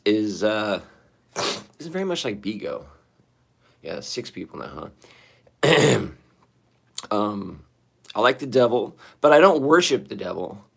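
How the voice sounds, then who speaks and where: A man live-streams loosely from his phone in the bathroom, his mid-range voice hoarse and shaky as if he sang too hard last night. He rambles, restarts sentences and swears casually while talking to chat.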